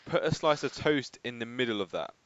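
A man's voice: mid-range voice, expressive, a little fast, a bit bright, clean tone, no echo. A young man co-hosting a podcast, easygoing and encouraging in casual chat. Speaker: podcast co-host. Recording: dry, slightly dull podcast mic.

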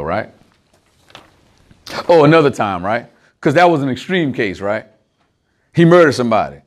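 A man leading a small group in an informal, conversational sermon, asking them rhetorical questions and chuckling often. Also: sits high.

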